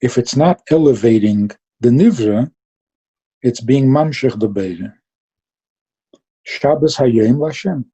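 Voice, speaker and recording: Dark, husky-voiced man giving a Chassidic talk. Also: medium pitch, takes it slowly, pauses often, lo-fi sound. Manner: lively storytelling, mixing Yiddish and Hebrew terms. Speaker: Chassidic teacher.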